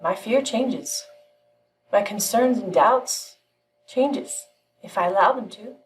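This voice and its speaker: Woman, channeled spiritual teaching, calm measured storytelling, distant mic, soft music underneath. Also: medium pitch.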